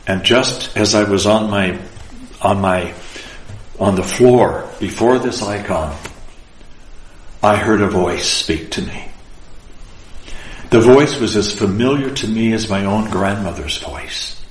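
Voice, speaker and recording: A lower-voiced man tells a personal spiritual story with slow, deliberate care, his words earnest and full of feeling. He is an Orthodox priest, and his voice carries a roomy echo around it.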